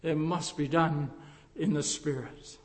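An older man, a pastor, preaching a sermon in a slow, reflective way, with emphatic rises and hushed drops. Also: a little high, steady tone, in a large hall.

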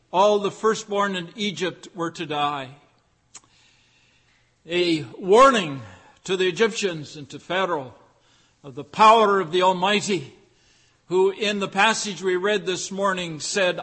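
Brief: male pastor with a high voice, measured, rhetorical sermon delivery in a reverberant church. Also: bright, forceful tone, breathy edge. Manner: deliberate, rhetorical, repeats phrases for emphasis.

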